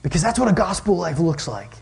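Young male youth pastor, high voice, chatty and animated sermon delivery with filler words. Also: brisk, gravelly. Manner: animated storytelling, many "like" fillers.

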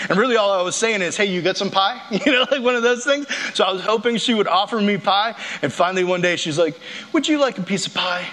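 A young man, a youth pastor giving a casual, energetic sermon full of jokey stories. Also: high voice, fast. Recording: echoey hall sound.

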